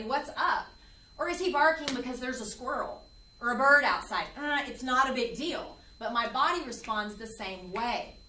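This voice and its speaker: Middle-aged female counselor giving a workshop talk, lively delivery, tense edge, distant mic with room echo. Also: a little high, a little hiss or hum. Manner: animated, acts out quoted voices. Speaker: biblical counselor leading a parent workshop. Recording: echoey room from far off.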